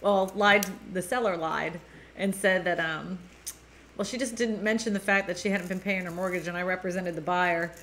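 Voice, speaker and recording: A woman's voice: fairly low pitch, fairly even intonation, moderate pace, fairly bright tone, a little hiss or hum. A middle-aged woman with a New England accent hosting a casual live-stream chat, laughing often and reading viewer comments aloud. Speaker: host.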